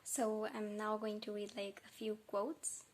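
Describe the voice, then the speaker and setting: A woman's voice: mid-range voice, flat delivery, unhurried. A young woman chatting emotionally in a reading vlog, gushing and close to tears. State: tearful. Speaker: book vlogger. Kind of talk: casual reading vlog chat.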